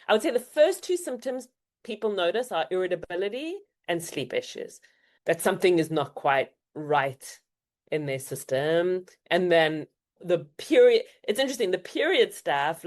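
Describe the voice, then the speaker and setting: Low-voiced woman explaining in conversation. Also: a little mellow. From South Africa. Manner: conversational, explanatory, uses quoted asides. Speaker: guest, homeopath and naturopathic doctor. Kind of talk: casual podcast interview.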